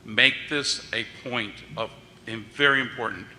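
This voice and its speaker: A middle-aged man giving plain, measured, polite public testimony. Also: mid-range voice, sharp tone. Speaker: public commenter. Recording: echoey hearing room with faint hiss.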